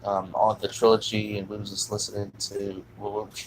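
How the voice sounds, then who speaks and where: A man with a lowish voice tells a long personal story, swearing often and circling back with fillers and restarts. A faint hum of noise sits under him. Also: monotone, normal speed. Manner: profane, rambling, many fillers and restarts. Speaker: vlogger telling his life story.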